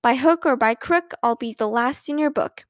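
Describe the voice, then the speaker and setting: A woman's voice: sits high, normal speed, dry recording, clean studio sound, lightly acted. A woman voicing a playful grown-up aunt who recalls childhood mischief in a storybook reading. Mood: amused.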